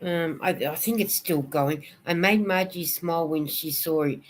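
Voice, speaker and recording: A woman's voice: low-pitched, moderate pace. A woman hosting a casual livestream, chatting and answering viewer comments. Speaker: knitting vlogger hosting a livestream.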